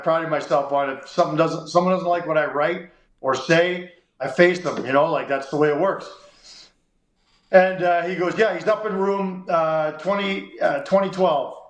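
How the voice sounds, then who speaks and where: A man's voice: on the high side, moderate pace, reverberant, low-quality recording. A Canadian man hosting a sports radio show, telling a long story and acting out the dialogue. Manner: animated, acts out quoted dialogue.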